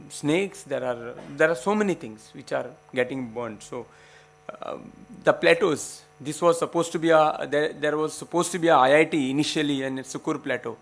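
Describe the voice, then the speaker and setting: A middle-aged man with an Indian English accent lectures a room of students, his voice pitched a little high and carrying a gravelly edge. He talks with urgency, pushing out quick emphatic bursts and then trailing off with filler words. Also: fairly bright tone. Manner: impassioned, emphatic, rapid bursts with frequent fillers. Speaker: guest lecturer and researcher.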